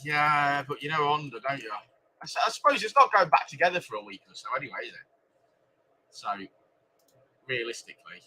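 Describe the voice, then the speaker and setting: A man's voice: on the high side, sing-song, brisk, pauses often, bright, forceful tone. A man with a jokey, teasing manner, hosting a casual chat in his workshop. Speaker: garage owner and show host.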